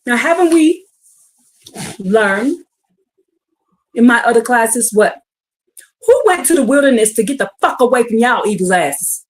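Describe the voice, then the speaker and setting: Woman w/ aave preaching a bible class, high voice, super lively, slangy, gets shouty. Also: unhurried, pauses often. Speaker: bible teacher. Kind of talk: streamed bible class sermon.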